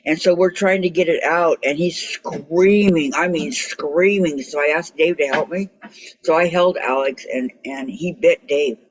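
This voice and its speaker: A woman's voice: sits low, a little slow, breathy edge. A woman hosting a casual quilting livestream, chatting and reading out viewer comments between her own stories. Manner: chatty storyteller, reads out comments. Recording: dull lo-fi stream audio with faint noise.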